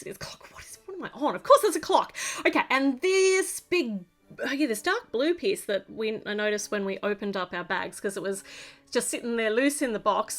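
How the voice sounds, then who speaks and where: A woman's voice: sits high, a bit bright. An Australian woman narrating a LEGO build in a chatty, gushing way, praising each step as she goes.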